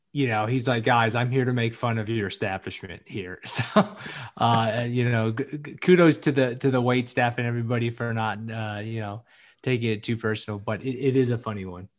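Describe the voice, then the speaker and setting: A man in casual podcast chat, relaxed and agreeable, laughing easily. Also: medium pitch, normal speed. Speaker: podcast co-host.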